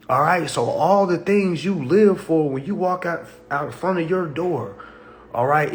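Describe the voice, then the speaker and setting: A man with a somewhat high, gravelly voice hosts a live stream over slight background noise. He talks casually but preaches and repeats himself, often asking "okay?" and mimicking people's doubtful replies.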